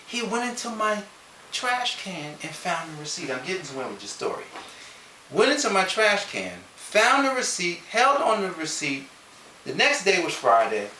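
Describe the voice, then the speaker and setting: A man speaking as a motivational speaker, telling a personal story in a lively, conversational way and putting questions to his listeners. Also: high voice, moderate pace. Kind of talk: animated personal storytelling to an audience. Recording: roomy sound from a distance with faint hiss.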